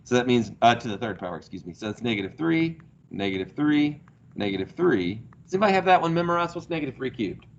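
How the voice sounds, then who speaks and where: A man's voice: mid-range voice, big pitch swings, fast talker, lo-fi sound, slight background noise. A male math teacher, lecturing a class, asking questions and praising the answers. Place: classroom, heard through a small speaker.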